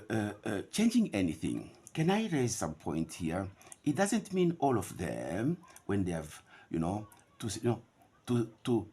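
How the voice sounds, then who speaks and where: Low-voiced man teaching pronunciation, very lively pitch. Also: slightly rough. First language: a Bantu language. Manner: drawn-out contrasting word repetitions. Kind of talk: classroom lecture.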